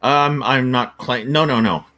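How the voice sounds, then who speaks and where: A man's voice: mid-range voice, measured pace, sharp tone. A man co-hosting a casual livestream chat, explaining his point earnestly and at length. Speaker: co-host.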